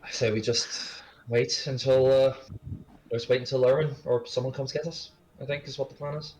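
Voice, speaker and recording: A man's voice: mid-range voice, steady tone, normal speed, darkish tone, a little hiss or hum, poor audio. A man playing a tabletop game over voice chat, chatting in a laughing, easygoing way. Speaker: player.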